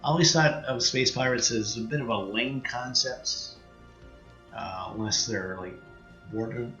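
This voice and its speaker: A man's voice: medium pitch, a little slow, pushed and bright, echoey room, muffled recording, soft background music. A man with a Canadian accent commentating on his strategy game in a casual, rambling way, full of fillers and half-finished thoughts. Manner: thinks aloud, many fillers and trailing-off sentences. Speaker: let's play streamer.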